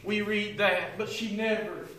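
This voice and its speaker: A man's voice: high-pitched, fairly even intonation, measured pace, pushed and bright, slight background noise. An older man preaching a sermon in a church, drawing out his words into a chanted, sing-song delivery that rises into song. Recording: echoey hall, voice from far off.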